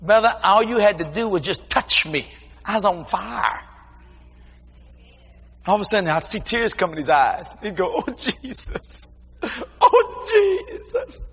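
Man, preacher, high lively voice, husky edge, folksy testimony sermon, reverberant church hall. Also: moderate pace, pauses often. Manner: animated storytelling with shouted exclamations; folksy, informal grammar.

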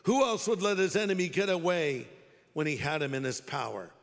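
A man's voice: fairly high pitch, big pitch swings, a little fast, in a large hall. A man voicing a remorseful old king who speaks in a tearful, pleading way.

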